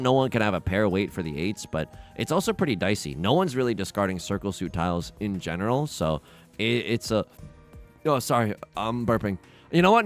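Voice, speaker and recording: A young man talks casually over a game, his pitch jumping up and down as he tells stories and breaks off mid-sentence to restart. He laughs at his own jokes and slides between anecdotes and play-by-play. Faint music plays underneath. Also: a bit bright. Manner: rambling storyteller, self-interrupting, laughs at his own stories. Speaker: let's play host. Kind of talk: casual gameplay commentary.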